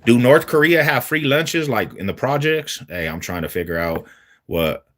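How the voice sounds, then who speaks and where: A man from Denver on a casual livestream, reading viewer comments aloud and answering them in relaxed, slangy talk. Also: medium pitch, moderate pace. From Denver, Colorado.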